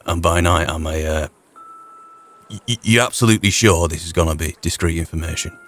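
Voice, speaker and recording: A man's voice: low-pitched, brisk, a bit bright. A man playing a blunt, teasing, suspicious frontier fisherman. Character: gruff cagey frontier man who fishes.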